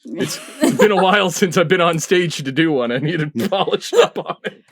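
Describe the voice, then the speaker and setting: A man's voice: a little high, lively intonation, normal speed, fairly bright tone, dry recording, studio quality. A man on a comedy podcast panel, bluffing with mock seriousness. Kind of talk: casual podcast chat.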